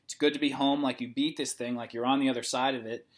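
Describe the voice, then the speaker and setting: Fast-talking young man telling a story. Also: medium pitch, fairly even intonation. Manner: rambling, heavy use of "like", acts out dialogue. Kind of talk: casual storytelling.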